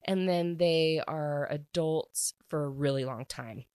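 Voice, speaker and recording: A woman's voice: deep voice, takes it slowly, darkish tone, smooth, no room sound, studio quality. A woman quoting a friendly teenage alien girl in her own everyday voice, patiently explaining.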